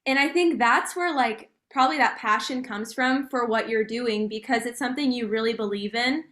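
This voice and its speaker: A woman's voice: on the high side, moderate pace, fairly bright tone. A woman hosting a podcast interview, encouraging her guest with short affirmations. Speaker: podcast host. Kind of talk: casual interview chat.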